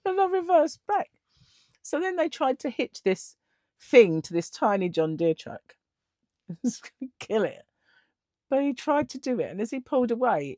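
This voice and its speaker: A woman's voice: on the low side, warm tone, no room sound, studio quality. A middle-aged woman telling a story in a casual vlog, chatty and laughing often, acting out the other people in it. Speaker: vlogger.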